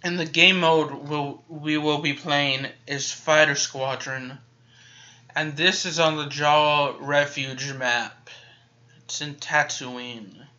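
A man's voice: a little high, steady tone, takes it slowly, sharp tone, dull audio. A man talking casually over gameplay of his video game, a little tired and chatty, rambling with frequent restarts. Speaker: gaming YouTuber.

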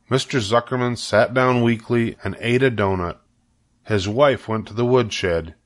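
An older man reading a children's book aloud with steady, clear storytelling. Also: medium pitch, a little slow.

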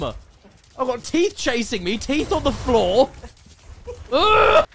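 A young man giving joking, excitable live commentary while playing a video game, swearing often. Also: high voice, slow, heavy background noise. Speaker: streamer.

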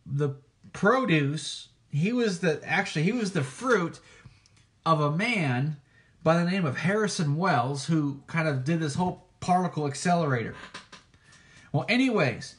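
A preacher giving an informal teaching, talking hesitantly with many restarts and frequent checks for agreement. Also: male voice, on the high side, expressive, a little slow, fairly bright tone. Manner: hesitant, frequent restarts, keeps asking "okay?".

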